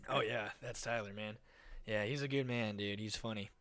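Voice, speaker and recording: A man's voice: lowish voice, fairly even intonation, normal speed, fairly bright tone. A young man hosting a podcast, telling rambling stories in casual chat, swearing and full of fillers. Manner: rambling storyteller, swears a lot, many fillers. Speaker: podcast host.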